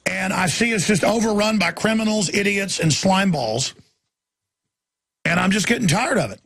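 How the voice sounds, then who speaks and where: A man hosting a talk radio show rants with a raised pitch and a husky edge. He drops into low, tired muttering, then climbs back up into shouting. The voice is rough and gravelly throughout. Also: lively intonation, normal speed, soft background music. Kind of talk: impassioned talk radio monologue.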